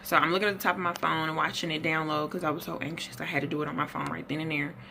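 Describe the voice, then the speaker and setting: A woman's voice: deep voice, level tone, very fast, vocal fry, noisy background. A young adult woman giving a rambling, self-correcting health update at her desk, a little out of breath. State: slightly out of breath. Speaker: vlogger. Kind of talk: casual health update vlog.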